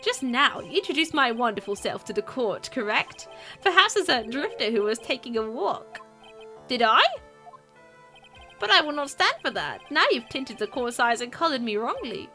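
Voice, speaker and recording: A woman's voice: on the high side, very animated, moderate pace, pushed and bright, faint music behind, heavily acted. A woman voicing a pompous, posh young male drifter who talks at length with theatrical haughtiness in a game read-through. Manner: haughty, long-winded, theatrical.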